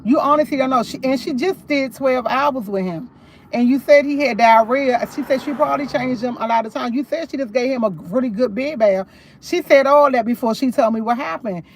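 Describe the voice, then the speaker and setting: High-voiced woman telling a story live. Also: brisk, a little hiss or hum. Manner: animated, emphatic retelling of a conversation. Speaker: livestream host. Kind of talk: casual storytelling livestream.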